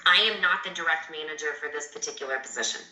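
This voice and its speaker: A woman leading a sales team interviews a candidate and talks politely, with many fillers. Her voice is low yet very bright. She joins on a video call from an echoey hotel room. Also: fast talker.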